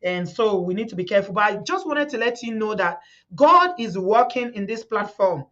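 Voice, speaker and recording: A woman's voice: medium pitch, expressive, normal speed, fairly bright tone, lo-fi sound. A middle-aged Nigerian woman hosting a live stream, talking fervently to her viewers, repeating words and quoting the people she speaks about. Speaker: host of a live community stream.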